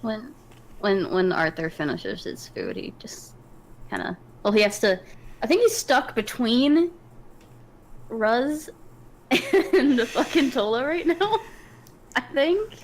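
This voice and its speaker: A woman playing a tabletop game, talking in an unhurried, giggly way. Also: on the high side, sing-song, a little hiss or hum, rough recording. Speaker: player. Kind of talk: casual tabletop play.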